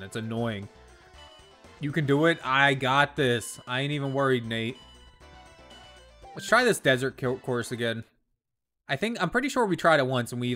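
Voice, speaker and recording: A young man with a medium-pitched, sharp-toned voice streams a racing game from his bedroom. He chats casually through the gameplay, swearing often and laughing a lot.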